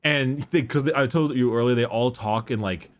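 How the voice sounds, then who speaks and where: A man talking casually on a podcast at a middling pitch. He rambles, laughs often and stumbles over names as he goes. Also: moderate pace. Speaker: podcast co-host. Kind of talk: casual chat.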